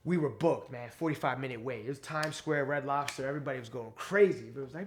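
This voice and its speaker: A male stand-up comedian, telling stories in a casual interview, animated and profane, acting out quotes. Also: mid-range voice, quick pace, hardly any pauses, a little hiss or hum.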